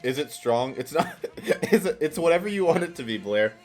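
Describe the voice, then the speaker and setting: A man's voice: a little high, lively intonation, a little fast, darkish tone. A man streaming live, chatting casually in a rambling, self-mocking way and often restarting his sentences. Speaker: streamer playing a party game. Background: faint background music.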